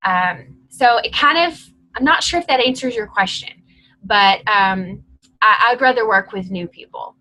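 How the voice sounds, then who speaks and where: Bright-voiced woman leading a coaching call. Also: mid-range voice, a little slow, poor audio. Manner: direct, encouraging and chatty. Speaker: team leader coaching her team.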